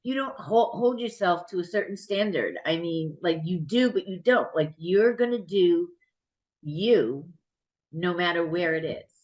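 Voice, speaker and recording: A woman's voice: fairly low pitch, lively intonation, a little mellow, lo-fi sound. A woman hosting a podcast, asking questions and responding supportively. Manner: supportive interviewer, quick to laugh. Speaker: podcast host. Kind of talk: casual podcast chat.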